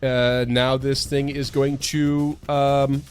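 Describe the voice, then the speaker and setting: A man's voice: medium pitch, flat delivery, takes it slowly, clean tone. A man running a tabletop game as game master, narrating loosely with many fillers. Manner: loose, filler-heavy narration with frequent laughs.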